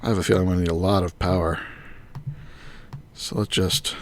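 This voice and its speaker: A man's voice: sits low, flat delivery, fairly quick, slight background noise. A man streaming a game live, thinking aloud and muttering item names as he works. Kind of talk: live gameplay commentary.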